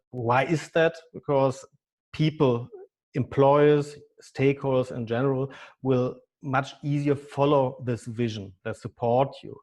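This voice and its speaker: German-accented consultant, halting speech. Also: male voice, medium pitch, darkish tone. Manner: halting, repeats words, non-native phrasing. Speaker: business consultant guest. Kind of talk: podcast interview.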